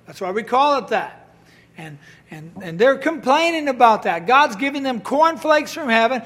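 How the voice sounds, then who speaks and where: High-voiced man preaching a sermon. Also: lively intonation, moderate pace, pushed and bright. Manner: storytelling with quoted voices and scripture readings; high voice that rises to emphatic bursts.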